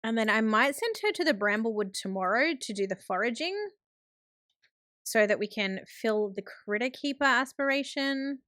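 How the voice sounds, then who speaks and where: A woman's voice: on the high side, animated, moderate pace, bright, forceful tone, no echo, clean studio sound. A woman hosting a gaming channel, giving chatty, upbeat running commentary on her play. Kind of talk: let's play narration.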